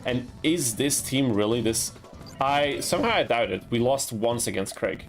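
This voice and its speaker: A man's voice: mid-range voice, expressive, moderate pace, soft background music. A young man from Austria chatting casually while streaming a card game, laughing at himself and yelping at his mistakes. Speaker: gaming streamer. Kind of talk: casual gameplay commentary with chat.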